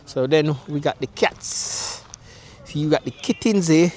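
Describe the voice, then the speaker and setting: A man's voice: fairly high pitch, unhurried, a little mellow. A man talking casually as a travel vlogger outdoors, in loose, repetitive, chatty commentary. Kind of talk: casual vlog narration. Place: outdoors around a town.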